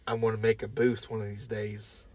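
Husky man telling a story. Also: fairly low pitch, completely flat delivery, brisk, a little mellow. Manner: storytelling, swears often. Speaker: podcast co-host. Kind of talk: casual chat.

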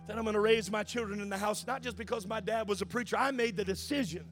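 A male pastor preaching a sermon, swinging from shouted, sing-song preaching to quiet, conversational asides. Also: sits high, fast talker, faint music behind.

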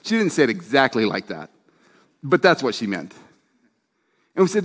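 A man, a pastor, preaching a sermon in a casual, storytelling way, dropping low and quiet for quoted lines and emphasis. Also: sing-song, normal speed.

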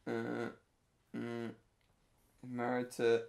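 A man's voice: mid-range voice, brisk, gravelly. A man co-hosting a podcast in casual chat, rambling and hesitant but playful. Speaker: podcast co-host.

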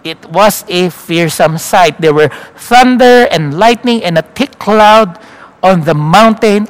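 Preacher man teaching scripture. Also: sits high. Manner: checks in with listeners by asking "no?" and "okay?"; storytelling, slows down for emphasis. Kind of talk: Bible teaching sermon.

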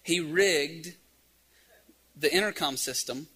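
Animated preacher, bright husky voice. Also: male voice, a little high, slow. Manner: animated storyteller, acts out scenes. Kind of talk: storytelling sermon.

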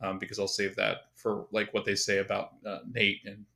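A man's voice: on the low side, completely flat delivery, normal speed, creaky, bright, forceful tone. A man co-hosting a podcast, chatting eagerly about a favorite scene and quoting characters as he goes. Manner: enthusiastic, quotes characters, laughs. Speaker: podcast co-host. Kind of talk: casual episode recap chat.

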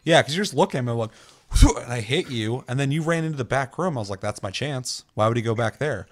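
Animated swearing young man telling stories. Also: medium pitch, fast. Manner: animated, swears a lot, acts out other players' lines. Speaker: streamer telling a gaming story. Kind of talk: casual storytelling chat.

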